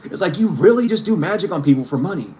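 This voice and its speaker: A man's voice: sits high, big pitch swings, fast, warm tone. A man giving a spiritual reading to his viewers, ranting emphatically and swearing freely. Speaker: tarot reader.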